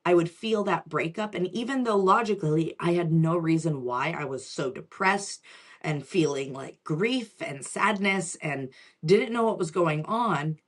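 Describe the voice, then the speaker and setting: A woman's voice: on the low side, measured pace. A woman in her forties, a spiritual reader, telling a personal story in a chatty way with frequent restarts and asides.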